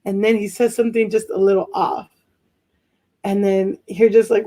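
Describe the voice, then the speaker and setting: A young woman performing a stand-up set from home over a video call, rambling, laughing at her own jokes and shouting her punchlines. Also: medium pitch, level tone, normal speed. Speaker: stand-up comedian. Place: home during quarantine.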